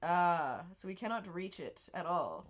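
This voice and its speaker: A woman playing a tabletop game, chatty and quick with asides. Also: on the low side, very animated. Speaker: player. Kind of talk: casual tabletop game chat.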